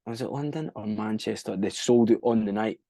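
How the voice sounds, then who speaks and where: A man's voice: lowish voice, a little fast, vocal fry, warm tone, dry recording. A young Scottish man, a band frontman, chatting casually as a podcast guest, rambling, swearing freely and losing track of dates. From Scotland. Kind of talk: casual interview chat.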